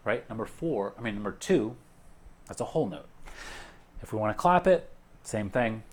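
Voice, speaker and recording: A man teaching a recorded music lesson, counting beats aloud in a relaxed way with frequent fillers, while a keyboard plays along. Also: fairly low pitch, normal speed, pauses often, slight background noise. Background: keyboard and clapping.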